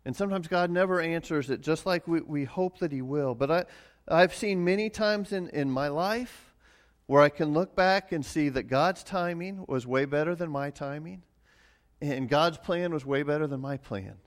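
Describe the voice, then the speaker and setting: Middle-aged guy preaching to his church, kinda high voice, earnest, stumbles into sentences. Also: moderate pace. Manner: earnest, repeats words when starting phrases. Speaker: pastor. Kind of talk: sermon.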